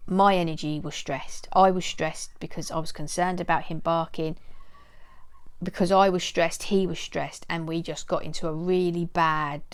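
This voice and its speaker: A middle-aged woman giving casual advice to camera, earnest and repeating her key points. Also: lowish voice. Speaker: dog owner giving training advice.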